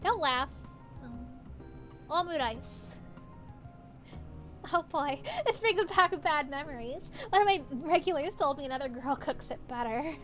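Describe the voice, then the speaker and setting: Excitable young maid cafe girl, voiced by a woman: high, bright, cute, quick to get defensive. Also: soft background music. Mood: bubbly.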